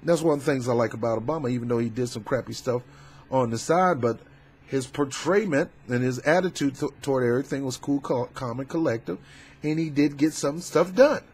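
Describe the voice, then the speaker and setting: A man doing a casual political commentary vlog, talking in a fervent, preachy, colloquial way with loud emphatic outbursts. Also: medium pitch, fairly quick, slightly rough. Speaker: YouTube commentator.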